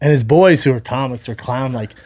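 A man's voice: medium pitch, a little fast, a little mellow, no echo. A man hosting a podcast in casual chat, telling a long story in a rambling, profane way with many restarts. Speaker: podcast host.

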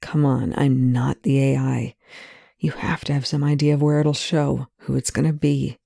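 Brief: reader doing a quiet, steady male officer with a dark, gravelly tone. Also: medium pitch, moderate pace, dry recording, studio quality. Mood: calm. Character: calm male military colonel, low and steady. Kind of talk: audiobook reading of fan fiction.

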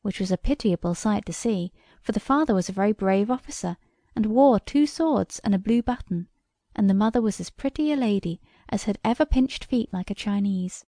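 A woman reads a storybook aloud in a measured, wry manner. Her voice is gravelly and mellow, and the recording is dry and close. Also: medium pitch, no echo. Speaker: audiobook reader. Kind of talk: storybook narration.

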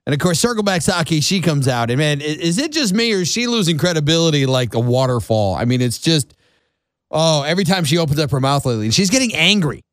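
A man from Florida hosts a morning talk radio show, animated and sarcastic as he riffs on the news. His voice sits a little high and leaps up and down constantly. The studio sound is dry and close to the mic. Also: quick pace, dry recording. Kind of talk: conservative talk radio monologue. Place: radio studio without a window. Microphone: studio microphone.

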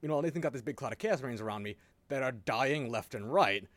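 A man hosting a podcast in casual chat, telling animated stories, swearing often and laughing a lot. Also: medium pitch, quick pace, no room sound. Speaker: podcast host.

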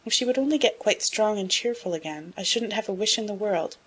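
A woman reading a gentle middle-aged mother in an audiobook, soft, measured and tender. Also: medium pitch, expressive, slightly rough, voice pushed up.

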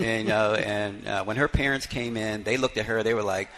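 A man coaching basketball talks through a live radio interview from a bar full of fans. His voice sits low and he rambles warmly in a folksy storytelling way, leaning on "you know" fillers. A soft hiss runs under the recording. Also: steady tone, moderate pace.

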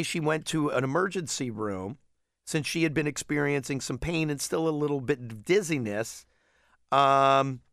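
A man's voice: medium pitch, a bit bright, no room sound, studio quality. A man co-hosting a talk show, casually retelling a news story in a rambling way with frequent chuckles. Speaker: radio show co-host.

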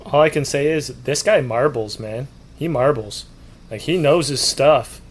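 A man's voice: mid-range voice, a little slow. A man from outside the United States co-hosting a casual podcast, trading teasing jokes. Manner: joking, teasing banter. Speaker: podcast co-host.

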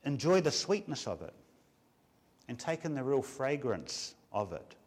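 A man, a pastor, preaching a Sunday afternoon sermon with measured emphasis and many rhetorical questions. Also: mid-range voice, sing-song, a little mellow, husky.

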